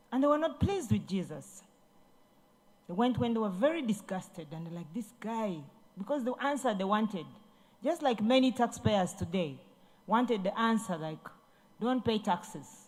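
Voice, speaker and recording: In a large event hall, a woman who is a government minister speaks as a guest at a ceremony, retelling Bible stories in a preachy, repetitive manner. Her voice is mid-range with a darkish tone.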